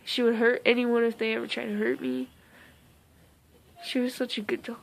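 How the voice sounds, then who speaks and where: Halting, emotional young woman with a gravelly voice. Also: fairly high pitch, level tone. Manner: halting, many fillers and restarts. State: emotional, close to tears. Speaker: vlogger. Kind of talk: casual storytime vlog.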